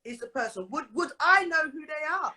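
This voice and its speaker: A woman hosting a casual live stream chat, animated and quick to interrupt and laugh. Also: sits high.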